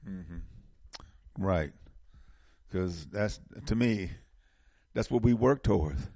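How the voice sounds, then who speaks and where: Man, gravelly husky voice, dry close sound, impassioned political talk. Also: deep voice, animated, slow, darkish tone, no echo. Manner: impassioned, repeats words when fired up.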